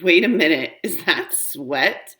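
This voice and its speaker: A woman's voice: sits low, animated, slow, sharp tone, exaggerated voice. A woman voicing a bossy older sister who scolds her little sibling. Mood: scolding. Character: bossy big sister girl.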